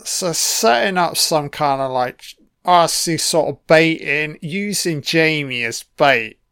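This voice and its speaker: A man's voice: on the high side, lively intonation, takes it slowly, pushed and bright, clear, resonant tone, no echo, studio quality. A British man giving an audio commentary over a film, swearing constantly and heckling the characters on screen.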